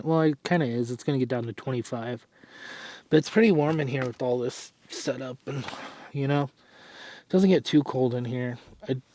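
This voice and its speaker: A man's voice: medium pitch, dark tone. A young man chatting casually to camera in a fitness vlog, out of breath, rambling and sighing. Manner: rambling, self-correcting, sighs and clears throat. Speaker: fitness vlogger.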